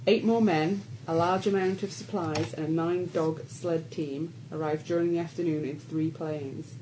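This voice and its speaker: Woman, stand-in game master, low-ish voice, casual teasing read, faint home hiss. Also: steady tone, normal speed, warm tone, poor audio. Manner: casual, teasing, laughs while reading. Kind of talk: reading out a tabletop game scenario.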